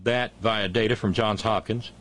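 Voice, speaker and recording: A man's voice: on the low side, fairly even intonation, moderate pace, fairly bright tone. A man hosting a political talk show, ranting angrily and sarcastically with profanity and stammered restarts.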